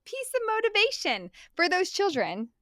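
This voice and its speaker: A middle-aged woman co-hosting a podcast, telling family stories in a bubbly, animated way. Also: very high voice, moderate pace, dry recording, clean studio sound. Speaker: podcast co-host. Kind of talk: casual chat.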